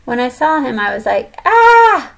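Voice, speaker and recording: A woman's voice: a little high, expressive, normal speed. A woman voicing a whiny, blunt young boy in a storybook reading.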